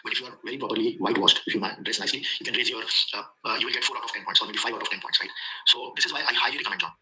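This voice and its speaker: A man's voice: medium pitch, rapid-fire, sharp tone, rough recording. A man with an Indian accent giving a rambling testimonial, repeating himself and filling gaps with "uh" as he speaks English as a second language. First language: not English. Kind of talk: casual testimonial.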